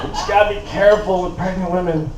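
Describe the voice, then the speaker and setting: Young man from Canada, easygoing stand-up with a slightly high voice, mic at some distance in an echoey room. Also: steady tone, fast, a crowd in the background. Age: 20s. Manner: laid-back and rambling, full of "like" and "uh". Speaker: stand-up comedian. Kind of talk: stand-up comedy set. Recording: roomy echo, voice from a distance.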